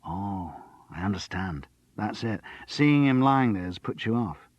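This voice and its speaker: A man's voice: lowish voice, animated, a little slow, no room sound, highs cut off. A man voicing a jovial, crude-humoured male doctor who teases his friend. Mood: gossipy. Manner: teasing, crude.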